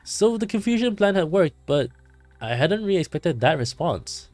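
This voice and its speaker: A man's voice: fairly high pitch, big pitch swings, normal speed, a little mellow, no echo, faint music behind. A man voicing a young woman who tells a werewolf story in a tavern, reading game dialogue aloud with some flair. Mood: animated.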